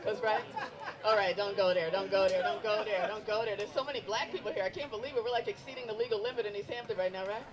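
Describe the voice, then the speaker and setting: A woman's voice: medium pitch, fairly even intonation, fast, dull audio. A middle-aged woman doing a stand-up set outdoors, teasing herself and bantering with the crowd. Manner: self-deprecating, bantering with the crowd. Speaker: stand-up comedian. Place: outdoor event. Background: crowd of onlookers.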